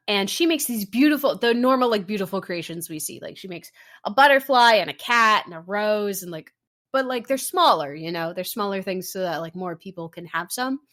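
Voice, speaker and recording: A woman's voice: medium pitch, a bit bright. A woman host recapping a story in casual chat, rambling and sarcastic with many fillers. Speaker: podcast host.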